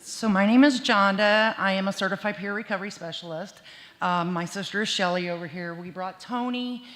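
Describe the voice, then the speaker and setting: A woman who works as a peer recovery specialist shares a memory at a memorial, speaking haltingly and emotionally. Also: mid-range voice, fairly bright tone. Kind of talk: memorial remembrance. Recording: echoey church hall over speakers.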